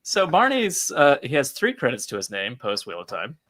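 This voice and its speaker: A man's voice: mid-range voice, huge pitch swings, moderate pace, fairly bright tone. A man co-hosting a casual podcast chat, laughing often and reading out listener comments. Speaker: podcast co-host.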